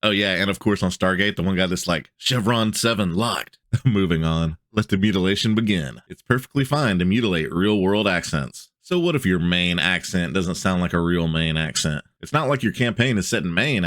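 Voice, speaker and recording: A man's voice: sits low, fairly bright tone, no echo, studio quality. A man hosting a tabletop gaming video, reading a blog post aloud and breaking off into casual joking asides.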